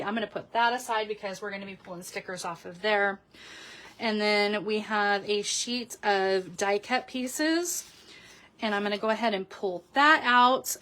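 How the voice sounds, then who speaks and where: A woman's voice: mid-range voice, a bit bright. A middle-aged woman hosting a casual crafting tutorial, chatty and openly emotional, with many ums and restarts. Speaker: papercraft video host.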